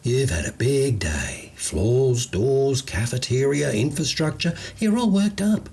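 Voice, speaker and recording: A man's voice: mid-range voice, big pitch swings, takes it slowly, creaky, a little mellow, husky, voice pushed up, heavily acted. A man voicing an easygoing, unflappable Australian gardener with a drawling, slangy way of talking. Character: laid-back Australian gardener, unflappable bloke.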